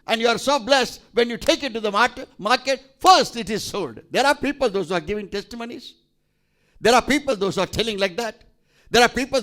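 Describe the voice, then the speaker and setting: A male pastor preaching a sermon, emphatic and repetitive, pausing for scripture readings. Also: very high-pitched, fairly bright tone.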